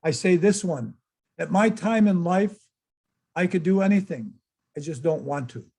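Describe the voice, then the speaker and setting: A man's voice: high-pitched, lively intonation, normal speed, creaky, dark tone, breathy edge. An older man giving a casual, chatty slideshow talk and exclaiming to his audience as presenter. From United States.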